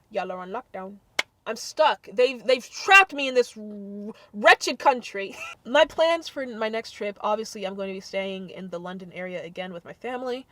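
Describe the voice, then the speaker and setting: A young adult woman talking to camera in a casual vlog, blunt and sassy with animated swings of delivery. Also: medium pitch, no room sound. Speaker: vlogger.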